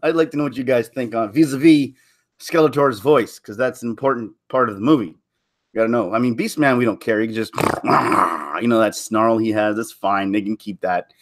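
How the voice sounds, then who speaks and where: A man's voice: mid-range voice, a little fast. A man from Canada rambling through casual solo commentary, chuckling and restarting his sentences often. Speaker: vlogger.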